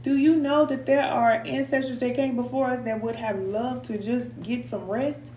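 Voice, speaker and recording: Middle-aged woman, spiritual coach, earnest and preachy with casual slang, slightly high voice, roomy echo. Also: steady tone, moderate pace, a little mellow, a little hiss or hum. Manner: heartfelt, preacherly, slips into casual Black American slang; sometimes emotional and sighing. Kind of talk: live tarot reading and motivational talk.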